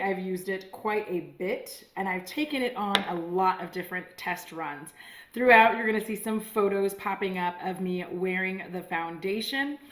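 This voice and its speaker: A chatty woman vlogger speaks to her viewers at a medium pitch, upbeat and easygoing, poking fun at herself now and then. Her voice rings a little in a roomy space. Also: fairly bright tone. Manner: chatty, upbeat, self-deprecating. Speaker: beauty vlogger. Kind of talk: casual chatty video review. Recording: roomy echo.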